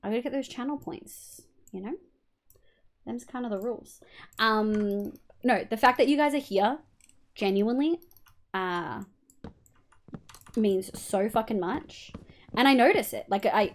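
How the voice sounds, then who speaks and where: A young Australian woman streaming a building game, chatting casually, swearing freely and humming little sound effects as she works. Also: medium pitch. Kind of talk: casual livestream chat while gaming.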